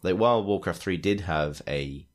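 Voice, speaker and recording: Deep-voiced rambling podcast co-host man. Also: normal speed. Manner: rambling, restarts sentences, laughs often. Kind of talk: casual chat.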